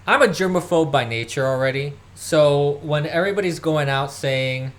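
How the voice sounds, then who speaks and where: A podcast host of medium pitch and normal speed rants alone about politics while moving about the house tidying. They scoff, mimic others mockingly, and cough from time to time.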